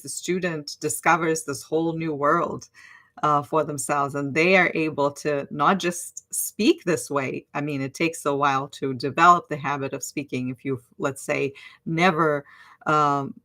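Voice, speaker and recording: Low-voiced woman coaching pronunciation. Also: fairly even intonation, measured pace, bright, forceful tone. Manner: chatty, with many fillers and self-corrections; demonstrates phrases aloud. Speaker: online language teacher and accent coach. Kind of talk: casual livestream talk.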